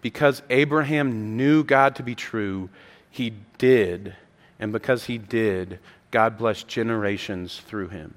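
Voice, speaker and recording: A man's voice: lowish voice, takes it slowly. Guy preaching with lots of feeling, voice echoing round a big hall. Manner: impassioned, acts out the voices of the story. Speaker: pastor. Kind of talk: sermon. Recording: long hall reverb.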